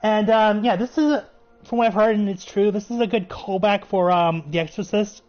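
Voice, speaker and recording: A man giving a chatty, excitable recap of a show episode. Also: sits high, moderate pace. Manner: chatty, excitable, laughs while retelling. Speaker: show reviewer. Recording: muffled recording with faint music.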